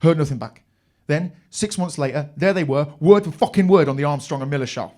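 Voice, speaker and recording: A man's voice: on the high side, fairly quick, warm tone. A young English man performing a live stand-up routine on a comedy club stage, telling rambling stories with crude swearing.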